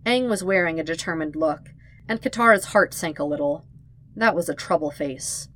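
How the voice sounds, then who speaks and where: Calm woman reading a story aloud. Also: deep voice, moderate pace, slight background noise. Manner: calm, steady, even reading. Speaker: podfic reader. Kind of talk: scripted narration.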